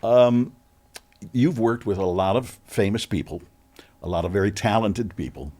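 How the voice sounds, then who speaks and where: Male podcast host, lowish voice, gentle and affirming interviewer. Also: moderate pace. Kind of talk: interview questions.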